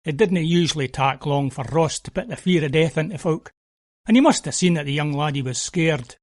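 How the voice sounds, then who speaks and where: A man's voice: fairly high pitch, brisk, dry recording, clean studio sound. A Scottish man narrating an audio play in dialect, in a wry, homely, conversational way.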